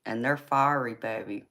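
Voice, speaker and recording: A woman's voice: sits low, fairly bright tone. A woman chatting with viewers on a live tarot stream, teasing and folksy, laughing often. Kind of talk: casual live chat with viewers.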